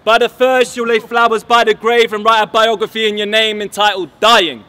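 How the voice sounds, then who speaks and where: High-voiced man rapping taunts. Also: flat delivery, normal speed, pushed and bright, smooth. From England. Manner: boastful, mocking punchlines. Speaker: battle rapper. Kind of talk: rap battle verses. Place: outdoors at a battle event under a bridge.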